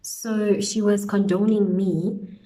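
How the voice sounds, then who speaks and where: A woman's voice: medium pitch, slow pace, rough recording. Chatty woman telling a storytime over makeup. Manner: chatty, animated storytelling with slang interjections. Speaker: beauty vlogger. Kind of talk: storytime while doing makeup. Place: indoors at home, windy outside.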